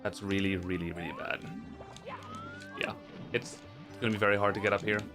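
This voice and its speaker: A man streams a speedrun, giving live commentary in a lowish, steady voice at a fairly quick pace. Frustrated, he talks himself through his mistakes and swears at the game as music plays in the background.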